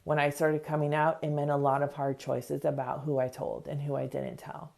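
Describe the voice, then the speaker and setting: A woman's voice: sits low, flat delivery, creaky, a little mellow. A middle-aged woman hosting a self-help podcast, speaking earnestly in a motivational talk and acting out short examples. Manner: earnest, acts out quick examples in voices. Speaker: podcast host.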